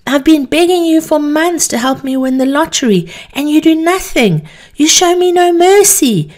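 A broken, desperate man cries out to the heavens, his voice climbing high and loud as pleading turns to fury, played by a woman telling the story. He sounds anguished and worn down by loss. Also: measured pace. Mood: raging. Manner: anguished, pleading, rising to shouts. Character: desperate jobless man railing at God.

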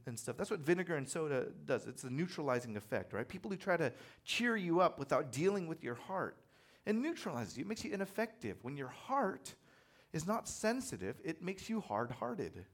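A male pastor delivers a sermon in an easygoing, conversational manner, with a lively voice that rises and falls a lot. His pitch sits a bit high for a man, and he drifts into personal stories and wry jokes about himself. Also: a little fast. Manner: conversational, animated storytelling with self-deprecating humor.

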